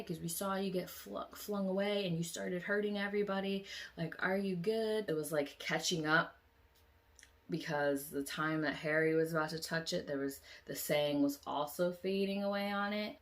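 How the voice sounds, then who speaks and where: A woman vlogger casually retelling a dream, animated, often acting out lines in squealing high voices or dropping to whispers, with many "like" fillers. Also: moderate pace. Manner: drops into quiet whispers; frequent "like" fillers. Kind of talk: casual dream storytelling vlog.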